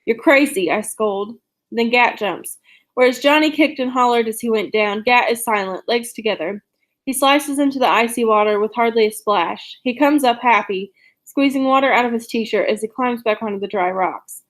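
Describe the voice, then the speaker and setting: A woman with a fairly high voice reads a novel aloud. Her narration is steady and unhurried, in a plain first-person storytelling manner. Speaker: reader of a novel.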